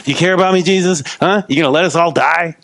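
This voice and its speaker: A man's voice: mid-range voice, lively intonation, racing, no echo, lightly acted. A man preaching acts out frightened fishermen disciples, frantic and pleading. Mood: panicked. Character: frightened fishermen disciples, grown men panicking.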